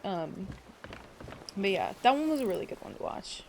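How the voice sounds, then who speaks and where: A woman streamer rambles to her chat in a gravelly, fry-laced voice, swearing freely and welcoming viewers by name. She is teary as she talks. A steady hiss of noise sits under the recording. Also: mid-range voice, normal speed. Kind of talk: casual live-stream chat.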